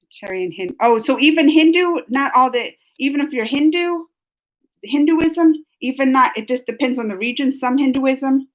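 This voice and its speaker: A woman's voice: high-pitched, lively intonation, a little fast. A woman hosting a casual live stream on a computer microphone, rambling and chatty as she reads comments, laughing often and restarting her sentences. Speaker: live stream host reading chat comments.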